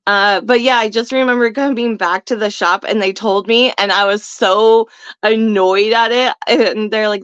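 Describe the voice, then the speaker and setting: A woman's voice: medium pitch, fairly even intonation, moderate pace, fairly bright tone, smooth, no echo, lo-fi sound. A young woman telling a story in casual chat, brash and profane, laughing often. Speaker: guest.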